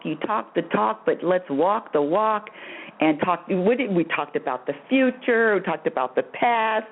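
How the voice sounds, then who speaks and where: An effusive woman hosting a call-in spiritual radio show. She talks with animated swings and frequent laughs and repeats her phrases for emphasis. The audio is thin and tinny, like a phone line. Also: on the low side. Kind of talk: call-in radio advice talk.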